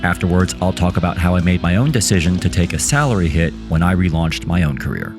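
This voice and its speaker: A man's voice: low-pitched, lively intonation, fast, over music. A man hosting a career podcast, reading a polished, upbeat intro and then interviewing his guest. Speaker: podcast host.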